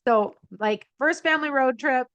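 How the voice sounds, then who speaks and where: An energetic woman in her forties telling stories as a podcast guest, full of fillers and quick asides. Her voice is smooth and clear at a middle pitch. The recording is dry and close. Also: no echo, highs cut off. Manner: energetic storyteller, many fillers. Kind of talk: casual interview chat.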